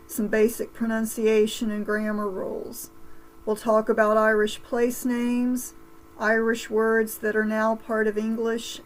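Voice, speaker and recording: A woman's voice: a little high, a little hiss or hum, rough recording. A woman giving a wry, informative preview of the class she teaches, speaking over a video call. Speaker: course instructor.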